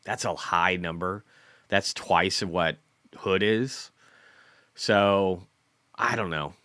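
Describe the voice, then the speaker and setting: A man's voice: sits low, slow, a bit bright, dry recording, clean studio sound. A man in his forties hosting a casual stock market livestream, rambling and self-deprecating, often repeating words. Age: 40s.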